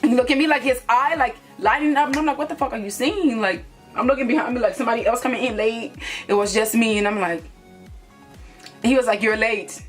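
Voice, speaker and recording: A woman's voice: a little high, quick pace, soft background music. A young woman from Liberia telling a casual storytime to her viewers, blunt and profane, speaking straight to them. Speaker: YouTuber.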